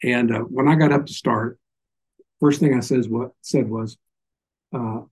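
A man's voice: mid-range voice, steady tone, a little slow, slightly rough, rough recording. Southern older man teaching the Bible. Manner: folksy storytelling with asides. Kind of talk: informal sermon.

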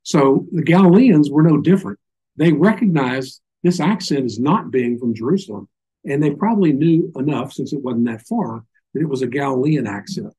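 A man's voice: mid-range voice, lively intonation, normal speed, warm tone, breathy edge, poor audio. An older man with a Southern accent giving an informal Bible teaching, folksy and full of little stories and asides. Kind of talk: informal sermon.

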